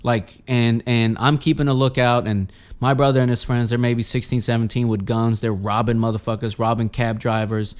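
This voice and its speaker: A man's voice: mid-range voice, flat delivery, moderate pace, few pauses, a little mellow, smooth. A man guesting on a podcast, telling a personal story in a rambling, profane way with many restarts. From Los Angeles. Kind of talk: casual storytelling.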